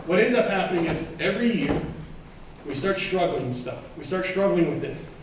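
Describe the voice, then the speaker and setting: A man giving a keynote conference talk, animated, putting questions to the audience. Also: high-pitched, a little fast, noisy background. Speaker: keynote speaker. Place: large conference hall. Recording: echoey hall from far off.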